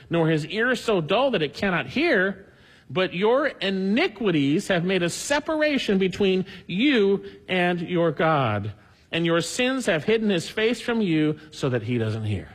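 A man's voice: high-pitched, breathy edge, in a large hall. A man preaching a sermon, earnestly reading scripture aloud with emphasis. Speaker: pastor.

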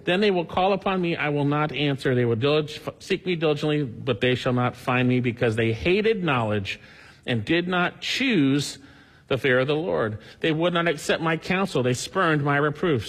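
A man's voice: on the high side, lively intonation, moderate pace, long reverb tail. A man preaching a sermon, earnestly reading scripture aloud with emphasis. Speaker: pastor.

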